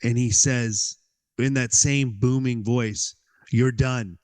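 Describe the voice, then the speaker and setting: A man tells a personal story as a podcast guest, animated and playing out his own inner dialogue with many "like"s. His mid-range voice is slow and clean in tone.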